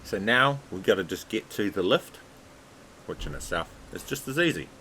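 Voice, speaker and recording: Low-voiced man giving casual game commentary. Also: moderate pace, a little hiss or hum, poor audio. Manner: relaxed, chatty, repeats filler words like "obviously". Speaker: game walkthrough narrator.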